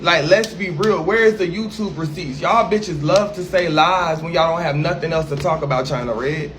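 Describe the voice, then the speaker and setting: Brash, high-voiced ranting man. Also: moderate pace, a bit bright, slight background noise. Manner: brash, profane, sassy. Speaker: livestreamer. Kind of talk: ranting livestream.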